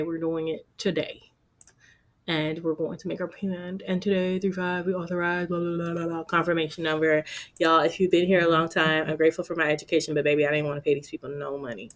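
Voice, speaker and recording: Chatty woman budgeting out loud. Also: on the low side. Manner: chatty, self-talking, playful asides. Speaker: budgeting vlogger. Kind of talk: casual talk-through of budgeting.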